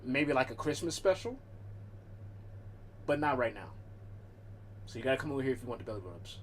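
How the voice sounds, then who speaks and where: On a casual stream, a man rambles and curses while talking to his cat, frequently interrupting himself and restarting. His mid-range voice has lively intonation and a slightly fast pace, with slight background noise.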